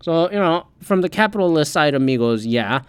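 A man's voice: a little high, lively intonation, brisk, clean tone, no echo. A man hosting a podcast, ranting heatedly in casual solo commentary and swearing often. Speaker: podcast host.

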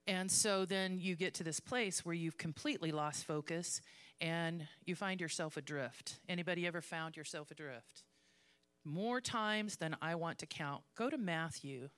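A woman's voice: lowish voice, moderate pace, a bit bright, smooth. A woman preaching a conversational, self-mocking sermon in church and reading scripture aloud. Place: church sanctuary.

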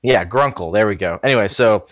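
Low-voiced man in casual chat. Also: a little fast, a bit bright, dry recording. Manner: rambling, self-correcting, laughs often. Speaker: podcast co-host.

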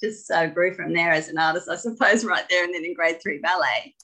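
A woman telling stories about her ballet training in a casual interview, animated and laughing often. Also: lowish voice, a little fast, low-quality recording. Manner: animated, laughing, expressive storyteller. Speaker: guest, former ballet dancer.

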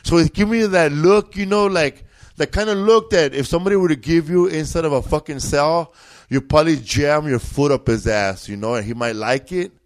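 A man's voice: fairly high pitch, moderate pace. A man, a comedian guest, telling a rambling, profane story with bursts of laughter in a casual chat.

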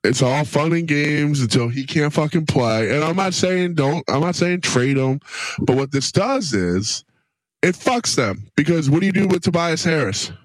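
A man rants and grumbles crudely on a sports podcast, wheezing a little between lines. His voice has a glitchy, low robotic distortion from his computer. It comes through a headset mic on an online call, sounding dry and close. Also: expressive, moderate pace, no echo. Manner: crude, grumbling, ranting, profane. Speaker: podcast co-host. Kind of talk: casual sports chat.

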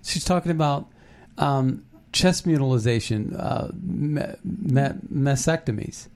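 A man's voice: mid-range voice, expressive, unhurried, darkish tone. A man co-hosting a casual commentary chat, rambling with many fillers and restarts. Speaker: podcast co-host.

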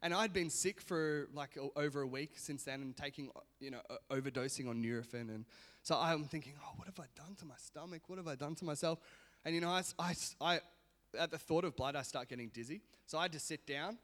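A man's voice: a little high, fairly quick, fairly bright tone. A man giving a casual sermon, chatty and self-mocking, laughing often as he tells a personal story. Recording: long reverb of a hall.

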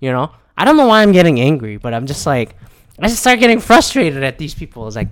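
A man's voice: a little high, very animated, fairly quick, a bit bright, dry recording. A man ranting casually, swearing often and rambling with frequent restarts and repeated words. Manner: profane, frustrated, rambling with restarts. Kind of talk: casual rant.

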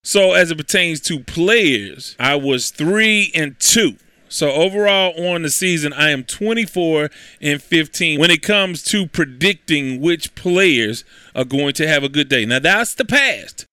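A man's voice: a little high, lively intonation, a little slow, bright, forceful tone, clear, resonant tone, no room sound. A man hosting a sports talk show, breezily recapping his weekly football picks with self-assured ease. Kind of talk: casual sports talk with predictions.

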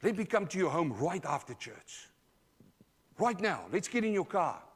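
A man with an Australian accent preaching a sermon live in church, emphatic, calling out to the congregation, swinging from loud to quiet. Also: high voice, big pitch swings, normal speed, breathy edge. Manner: emphatic, call-and-response preaching. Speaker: pastor.

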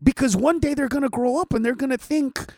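A man's voice: extremely high pitch, a little fast, no echo, clean studio sound. A man who is a stand-up comedian, ranting in casual podcast chat, full of swearing. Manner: profane, animated ranting.

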